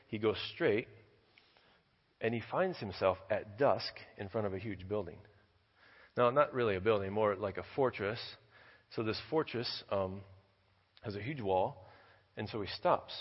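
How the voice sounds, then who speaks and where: Missionary man preaching, halting storyteller who repeats words, low and slightly hoarse, recorded lo-fi in a reverberant church. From United States. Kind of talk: sermon with scripture reading and storytelling.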